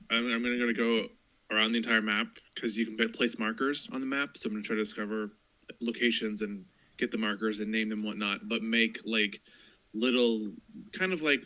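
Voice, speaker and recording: Bright, low-voiced man thinking aloud. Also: poor audio. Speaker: podcast co-host. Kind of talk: casual gaming chat.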